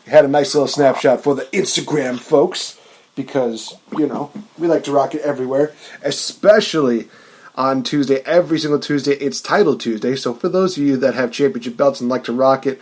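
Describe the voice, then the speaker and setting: A man's voice: mid-range voice, a little fast. A man hosting a wrestling podcast in casual chat, delivering announcer-style hype introductions. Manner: hype announcer flourishes, energetic. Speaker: podcast host.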